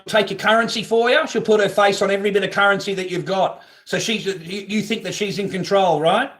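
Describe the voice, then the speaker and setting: A man's voice: sits high, steady tone, brisk, a bit bright. A man hosting a live stream from his garage on a phone camera, talking casually in a blunt, profane, ranting way. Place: home garage.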